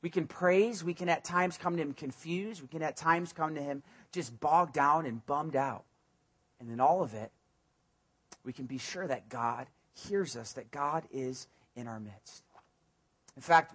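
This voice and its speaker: A young adult man preaching a sermon, animated, often dropping to a soft voice and rising loud when he voices the psalmists' cries. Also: a little high, husky. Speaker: pastor.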